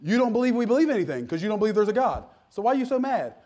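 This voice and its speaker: A man preaching a sermon from the pulpit, his voice sitting noticeably high for a man. He talks like he's telling stories to friends, jokes with the congregation, and now and then climbs into loud, emphatic bursts. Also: sing-song, rapid-fire, hardly any pauses. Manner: conversational storytelling preaching with sudden loud emphatic peaks. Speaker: pastor.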